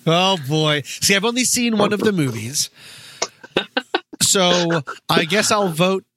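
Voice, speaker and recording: A man's voice: high-pitched, takes it slowly. A man co-hosting a podcast in casual chat, playful and laughing often, on a noisy recording. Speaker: podcast co-host. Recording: noisy recording with steady hiss.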